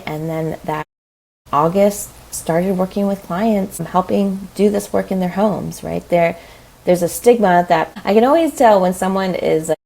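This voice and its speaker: A woman in her thirties, a parenting coach talking in a casual interview, chatty and animated, often saying "like" and "right?". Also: on the low side, creaky, rough recording.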